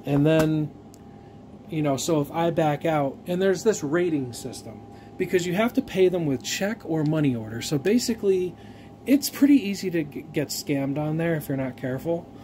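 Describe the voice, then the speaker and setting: Slightly high-voiced man ranting casually. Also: expressive, normal speed, dark tone, slight background noise. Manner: profane, exasperated storytelling; rambling with fillers and restarts. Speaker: gun vlogger. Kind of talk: casual unboxing rant.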